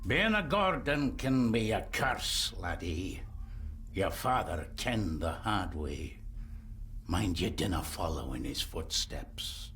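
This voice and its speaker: Spooky old blind scottish groundskeeper, real low voice, slow and brooding, game character. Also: male voice, sing-song, fairly bright tone, a little hiss or hum, full character voice. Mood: ominous. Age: older. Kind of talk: video game voice acting.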